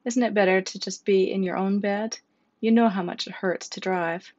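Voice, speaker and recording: A woman voicing a tired mother who speaks softly and sighs as she soothes her sick daughter in a storybook reading. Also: mid-range voice, fairly even intonation, moderate pace, dry recording, muffled recording, lightly acted. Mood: soft, soothing. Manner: soft, hushed, sighing.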